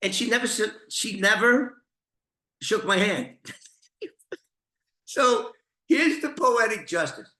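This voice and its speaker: A middle-aged man with a New York accent telling an old story, animated and swearing freely. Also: sits high, slow, long pauses. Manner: animated, swearing, restarts, laughs. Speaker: storyteller, former informant. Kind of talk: casual storytelling to camera. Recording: echoey room.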